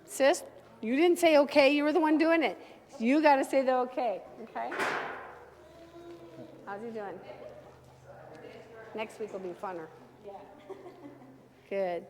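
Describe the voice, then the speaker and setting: High-voiced woman coaching a dog class. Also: crowd noise. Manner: brisk coaching, gives direct commands to owners and dogs. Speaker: dog trainer. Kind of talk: hands-on class instruction. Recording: long reverb from a large room.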